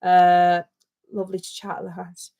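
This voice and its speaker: A woman's voice: fairly low pitch, monotone, slow, warm tone. A British woman co-hosting a casual livestream, chatting in a rambling, jokey way. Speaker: livestream co-host.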